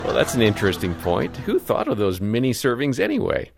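A male radio co-host introducing the program and giving contact details in a relaxed, conversational way. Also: medium pitch, brisk, gravelly, faint music behind, a faint crowd. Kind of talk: scripted radio hosting.

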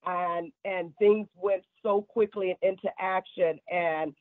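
A woman's voice: fairly low pitch, steady tone, slow, no room sound. A woman pastor in an interview, recounting calls for help in a heartfelt way. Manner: heartfelt, quotes callers at length. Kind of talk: emotional interview testimony. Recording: phone-like remote line.

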